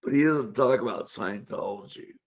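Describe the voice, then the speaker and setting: A man's voice: medium pitch, normal speed. A man hosting a casual live-stream panel show, laid-back and chuckling as he coaxes guests to join. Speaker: livestream show host.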